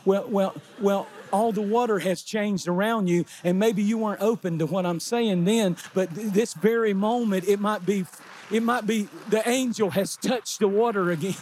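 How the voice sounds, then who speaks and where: Man, middle-aged, pastor, sermon, fairly high voice, fervent, shouts at times. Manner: fervent preaching that builds to shouting. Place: church sanctuary.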